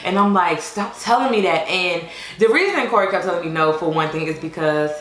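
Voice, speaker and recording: A young adult woman telling a casual storytime to her viewers, chatty and expressive with many fillers. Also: on the low side, a little fast. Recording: echoey room with faint music.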